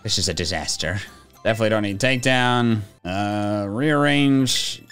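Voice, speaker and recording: A man's voice: lowish voice, normal speed, fairly bright tone, smooth, faint music behind. A man giving casual game commentary with wry, laughing asides. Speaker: gaming video host.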